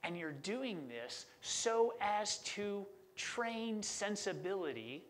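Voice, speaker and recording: A man's voice: high-pitched, big pitch swings, takes it slowly. A middle-aged man preaching a sermon as a pastor, conversational and enthusiastic about word meanings.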